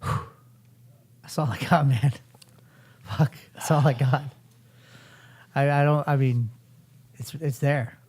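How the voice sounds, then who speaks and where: Male podcast host, fervent profane coach, mellow warm voice. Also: medium pitch, steady tone, slow, pauses often, husky. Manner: intense, profane, fervent pep talk. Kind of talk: motivational coaching session.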